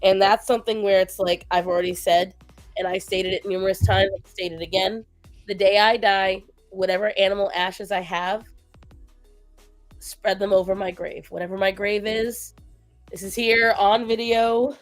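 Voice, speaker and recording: A weary woman talks on her livestream in a loose, rambling way, drifting between stories and baby talk to her pets. Her pitch sits in the middle of the range, and faint music plays underneath. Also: flat delivery, moderate pace. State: tired and low after a long week. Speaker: stream host. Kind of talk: casual chat on a livestream.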